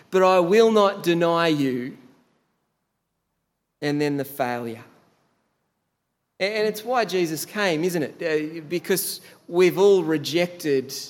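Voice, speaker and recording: A man preaching a sermon as a pastor, telling the story in a conversational way. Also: fairly high pitch. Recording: long hall reverb.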